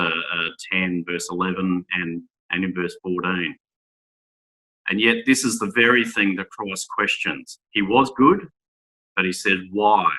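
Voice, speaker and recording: A man giving a Bible talk to young men, reading scripture aloud and asking rhetorical tag questions in a measured way. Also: deep voice, sharp tone, low-quality recording. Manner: measured, with small restarts. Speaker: speaker at a Bible school.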